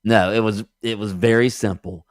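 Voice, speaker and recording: A man co-hosting a sports radio show, lively and laughing as he retells clips and stories. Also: lowish voice, moderate pace, no echo, studio quality. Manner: animated, laughing, retells with impressions. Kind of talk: sports talk radio banter. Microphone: studio microphone.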